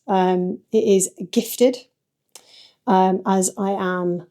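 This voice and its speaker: A woman's voice: medium pitch, steady tone, measured pace, warm tone, no echo. Chatty self-deprecating woman. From northern England. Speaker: journalist and vlogger. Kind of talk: casual vlog chat.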